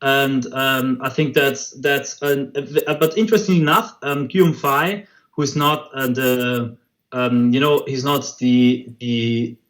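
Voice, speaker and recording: A man answering an interviewer's questions, halting and hesitant, with frequent fillers and restarts. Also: medium pitch, steady tone, fairly bright tone, low-quality recording. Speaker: interview guest.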